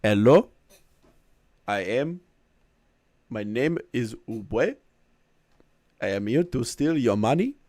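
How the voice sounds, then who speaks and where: A man voicing a mock scam caller in a put-on French accent, slow and low. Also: big pitch swings, darkish tone, no room sound.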